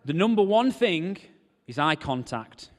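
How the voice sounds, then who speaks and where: A man's voice: fairly high pitch, unhurried. A man preaching a sermon, telling stories and joking with the congregation. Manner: animated, joking storyteller. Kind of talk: sermon with storytelling. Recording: long hall reverb.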